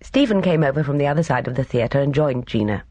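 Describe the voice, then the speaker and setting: An audiobook narrator with a mid-pitched voice and lively intonation. The reading is steady and clear. The recording is close and dry, with no room sound. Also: fast, no echo.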